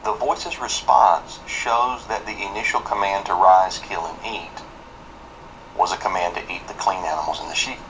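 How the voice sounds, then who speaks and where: A man giving a scripted Bible teaching in a measured, explanatory way, reading out verses. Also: sits low, steady tone, fairly bright tone, slight background noise, low-quality recording.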